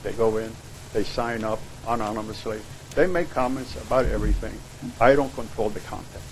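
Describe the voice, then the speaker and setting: A man's voice: fairly low pitch, steady tone, brisk, a little hiss or hum, rough recording. A man giving aggrieved, insistent testimony at a public hearing. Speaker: public commenter. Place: hearing room.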